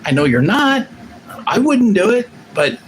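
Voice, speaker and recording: Man in his forties, live-stream host, lively swooping delivery, profane rambler, faint hiss behind. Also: high voice, unhurried, low-quality recording. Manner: rambling, profane, restarts often. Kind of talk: casual live-stream chat.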